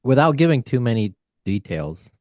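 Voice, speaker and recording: A man's voice: medium pitch, sing-song, normal speed, a little mellow, no room sound, clean studio sound. A man hosting an interview, asking questions hesitantly with many fillers. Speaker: interview host. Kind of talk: casual interview.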